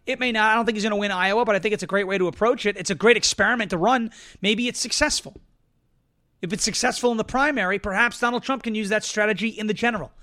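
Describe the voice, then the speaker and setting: Brief: male political talk host, middle-aged, fast and punchy, bright tone. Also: sits high. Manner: quick, emphatic, repeats points, joking. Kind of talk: casual political commentary and ad reads.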